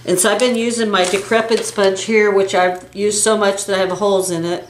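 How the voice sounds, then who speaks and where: An older woman co-hosting a beauty channel chats casually at medium pitch and normal speed, gushing and gasping with excitement as she unboxes makeup gifts. The room is echoey, with a faint hiss.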